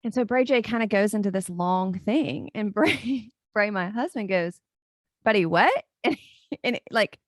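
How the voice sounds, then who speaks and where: A woman's voice: medium pitch, a little slow, no room sound, studio quality. Chatty woman in her forties. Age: 40s. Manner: chatty and storytelling, laughing often. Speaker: podcast host, life coach. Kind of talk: casual solo podcast chat.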